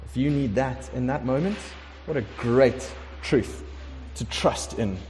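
A man preaching a conversational sermon, emphatic and lively, sometimes acting out prayers. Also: mid-range voice, measured pace, a little hiss or hum. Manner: conversational, emphatic, acts out prayers in shifting voices. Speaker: pastor. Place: warm room with congregation. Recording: long hall reverb.

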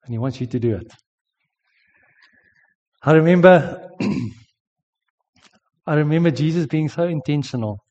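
A man's voice: fairly high pitch, slow, pauses often, darkish tone, big-room sound, lo-fi sound. A South African man in his forties, sick with a sore throat, telling an earnest sermon story with frequent restarts. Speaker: preacher. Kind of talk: sermon testimony.

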